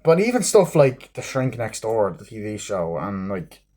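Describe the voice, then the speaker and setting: A man's voice: on the low side, huge pitch swings, moderate pace, darkish tone. A man giving a casual, rambling movie review, swearing often and filling gaps with um and like. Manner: rambling, heavy swearing, many fillers. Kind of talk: casual rambling plot recap.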